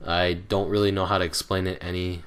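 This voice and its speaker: A man's voice: deep voice, flat delivery, fairly quick, fairly bright tone, smooth. A teenage boy hosting his gaming channel, chatting casually to viewers in a rambling, grumbling way with lots of hesitations. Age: teens. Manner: rambling, hesitant with many fillers; irritable, grumbling.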